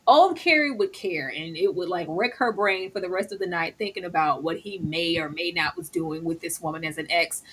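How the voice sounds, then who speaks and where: A woman's voice: medium pitch, a bit bright. A woman co-hosting a live TV recap, chatting casually and acting out the characters' lines in big voices. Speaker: co-host of a TV recap show. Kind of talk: casual reaction chat.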